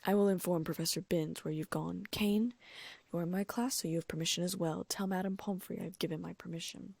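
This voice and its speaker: Strict brisk old lady professor read by a woman, gravelly and low. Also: fairly even intonation, darkish tone, dry recording. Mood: stern. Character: stern strict older female professor.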